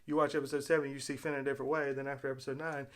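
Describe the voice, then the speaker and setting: A man's voice: medium pitch, level tone, racing. A man hosting his own video, talking in a casual, rambling way as he retells a story, with fillers and restarts. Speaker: video host. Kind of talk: casual spoken commentary.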